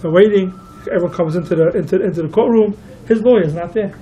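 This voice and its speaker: A man's voice: high-pitched, fast talker, narrow, tinny audio. A man, a rabbi, telling a long story to listeners and quoting each figure in turn. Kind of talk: storytelling talk.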